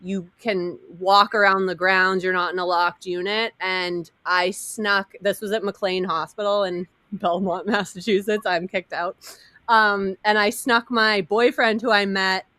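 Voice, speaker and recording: A woman in her thirties telling a wild personal story in casual chat, animated and laughing, acting out quotes over a video call. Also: medium pitch, a little slow, no echo.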